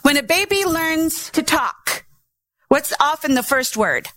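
A woman's voice: high voice, animated, a little slow, fairly bright tone, no room sound. A middle-aged woman pastor preaching a sermon, teaching patiently and sounding out syllables to demonstrate.

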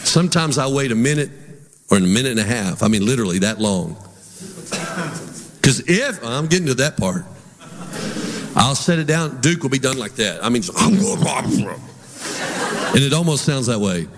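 A middle-aged pastor's mid-range voice has a sing-song quality; he talks at normal speed but leaves long pauses. His sermon is conversational and funny, built on stories, and it is recorded amid reverb and crowd in a large church hall with a congregation.

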